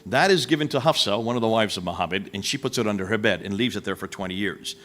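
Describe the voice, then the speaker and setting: A man's voice: on the low side, fast, a bit bright. A man giving a live lecture, firing rhetorical questions and turning to address his listeners directly.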